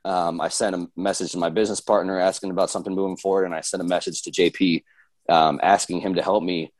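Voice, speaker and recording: A man's voice: low voice, level tone, quick pace, no room sound, rough recording. A man speaking as a fitness coach guest in a casual podcast interview, candid and rambling, swearing freely and laughing at himself. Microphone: video call.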